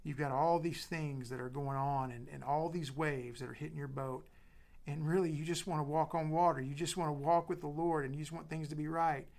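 A middle-aged man preaching a sermon as pastor, dropping to soft whispers and building with emphatic repetition. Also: a little high, fairly even intonation, a little fast.

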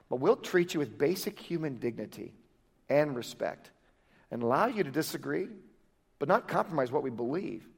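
A man with a notably high voice preaches from the front of a church, pressing his listeners with one rhetorical question after another. His delivery is emphatic and insistent. The sound rings with the long reverb of a large hall. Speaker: pastor. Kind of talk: sermon.

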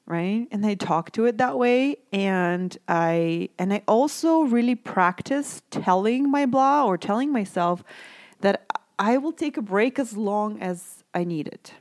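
A young adult woman and mother talking gently and conversationally to listeners about self-care, often checking in with "right?". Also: medium pitch, animated, measured pace, no echo, clean studio sound. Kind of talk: casual reflective talk to listeners.

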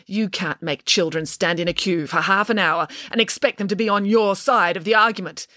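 A woman voicing a pompous, imperious female pig nanny who is quick to pick a fight. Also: mid-range voice, pushed and bright, no echo, clean studio sound, natural voice. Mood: indignant. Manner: indignant, imperious, sarcastic.

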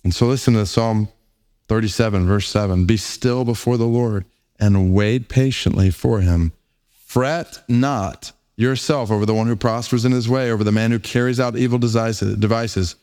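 A man preaching a sermon, earnest and emphatic, slowing down on key words and reading scripture aloud between his points. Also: on the low side, a little mellow. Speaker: pastor.

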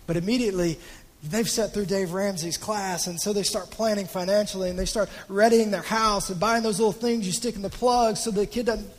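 High-voiced preacher in a reverberant hall. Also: male voice. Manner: conversational, repeats words while telling a story. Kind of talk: sermon storytelling. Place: church auditorium.

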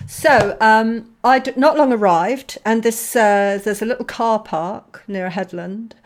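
A woman, a missionary guest telling a personal story in conversation, acting out dialogue with lively shifts. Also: fairly high pitch, unhurried.

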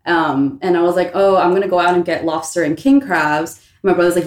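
A young woman hosting a casual chat with her roommates, an animated storyteller who laughs often and swears casually. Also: medium pitch, moderate pace. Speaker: podcast host. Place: shared apartment room. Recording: echoey room.

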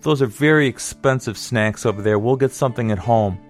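A man doing a gentle, sensible mom. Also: mid-range voice, a little fast, faint music behind, close to an everyday voice.

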